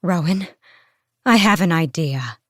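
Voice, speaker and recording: A woman's voice: on the low side, expressive, unhurried, a bit bright, no echo, clean studio sound. A woman reading aloud, voicing a desperate, out-of-breath young female assassin in an urgent, panting voice.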